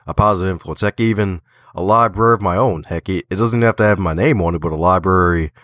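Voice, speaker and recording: A man from the Baltimore area, an author and podcaster, telling stories in a lively, folksy way during a remote interview. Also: low voice, quick pace, no room sound. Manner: animated storyteller, folksy phrasing, laughs often. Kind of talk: casual conversational interview.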